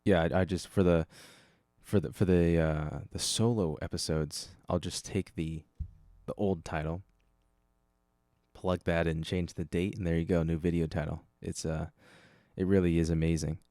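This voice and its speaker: A man's voice: low-pitched, fairly even intonation, moderate pace, mellow, no echo, clean studio sound. A man hosting a casual solo podcast, rambling and correcting himself as he goes, speaking into a desk microphone. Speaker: podcast host.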